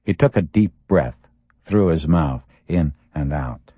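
A man narrates a thriller audiobook in a steady, measured way, his voice sitting very low. The recording sounds dull and lo-fi, dry and close with no room sound. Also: slightly rough, dry recording.

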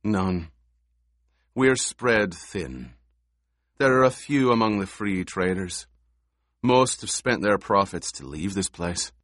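A man reading the part of a gruff, loyal veteran warrior in an audiobook, blunt in manner. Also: lowish voice, expressive, takes it slowly, long pauses, fairly bright tone, no room sound, clean studio sound. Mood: earnest.

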